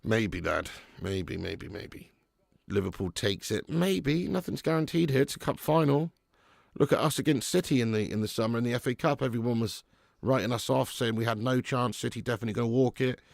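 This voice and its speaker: A man's voice: medium pitch, animated, fairly quick, gravelly, dry recording, clean studio sound. A man hosting a live football watch-along, commentating and chatting with viewers, reading out their comments. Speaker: watch-along stream host.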